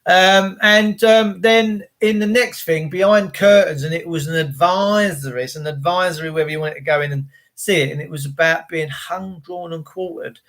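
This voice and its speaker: Bloke hosting a stream, rambly and blunt, higher voice. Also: male voice, moderate pace, few pauses, fairly bright tone. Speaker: livestream host. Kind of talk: casual rambling livestream rant.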